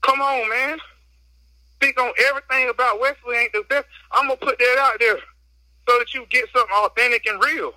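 A man with a high, very bright and sharp voice speaks into a phone while out walking, a little out of breath. His delivery is emphatic and full of slang as he vents in a casual podcast chat. The sound is dry and close, with no room around it. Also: steady tone, brisk, dry recording, poor audio. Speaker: podcast guest. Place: outdoors on a walk.

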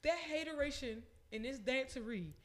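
A man's voice: very high voice, animated, normal speed, crowd noise. A man co-hosting a podcast, ranting emphatically and swearing freely. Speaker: podcast co-host. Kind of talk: casual chat.

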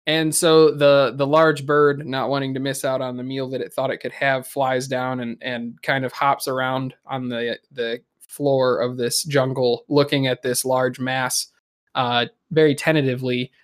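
Man narrating a story with many pauses. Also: mid-range voice, little pitch movement, smooth. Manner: halting, many ums and searches for words. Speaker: improv storyteller. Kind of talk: casual improvised storytelling.

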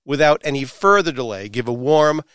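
A man's voice: medium pitch, expressive, moderate pace, fairly bright tone, smooth, dry recording, studio quality. A man hosting a podcast interview, with a playful, showy way of building up his guest. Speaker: podcast host. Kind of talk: casual interview.

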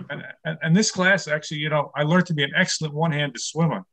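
Here a sixty-something stand-up comic from New York City works through a set on a video call from his home studio. He fires off one-liners and cracks himself up, his slightly high voice bright and forceful.

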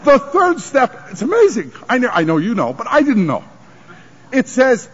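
A man shares his recovery story from a conference stage, swinging from raw confession to wry jokes. His voice sits high and leaps around in pitch. The old tape sounds dull and muffled. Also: huge pitch swings, moderate pace, husky. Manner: emotional, confessional, wry humor. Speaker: recovery meeting speaker. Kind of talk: personal story talk at a sobriety conference.

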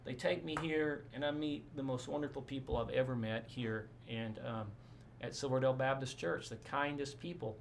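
A man, a pastor, telling stories in a casual interview, rambling and animated with many asides. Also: medium pitch, moderate pace, creaky, few pauses, noisy background.

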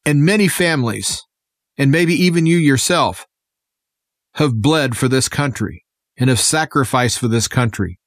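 A man's voice: medium pitch, animated, unhurried, no room sound, clean studio sound. A man guest-presenting a radio segment, talking in an earnest, impassioned way as he addresses listeners. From United States. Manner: earnest, impassioned political speaking. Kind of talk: scripted radio monologue.

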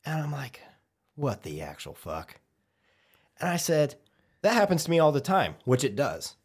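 This podcast host, his voice a little high with a breathy edge, rattles off a gaming story fairly quickly in casual chat. He curses liberally and performs the quotes of the people involved with animated energy.

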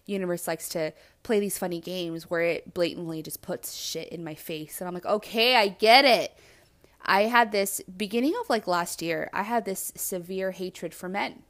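A woman hosting a podcast, talking alone in a blunt, animated and self-reflective way and swearing freely. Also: on the low side. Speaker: podcast host. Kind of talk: candid solo monologue.

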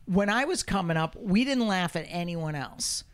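A woman's voice: on the low side, expressive, moderate pace. Blunt, swearing woman comic hosting a podcast. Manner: blunt, joking, swears freely. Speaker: podcast host. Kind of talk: casual chat.

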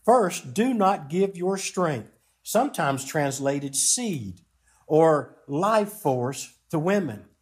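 A middle-aged man preaching a sermon as a pastor, slow and emphatic with long pauses. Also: a little high, sing-song.

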